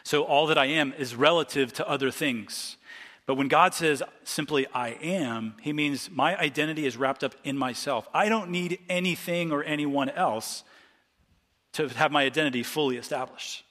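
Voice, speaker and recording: A man's voice: fairly high pitch, moderate pace, a bit bright. Man preaching in a reverberant hall. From Ohio, USA. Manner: conversational teaching with restarts, reads scripture aloud. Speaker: pastor. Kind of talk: expository sermon.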